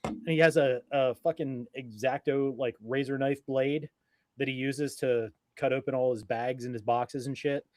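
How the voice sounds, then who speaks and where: A man co-hosting a casual live stream, telling stories in an animated, profane way. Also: mid-range voice, a little slow, dry recording.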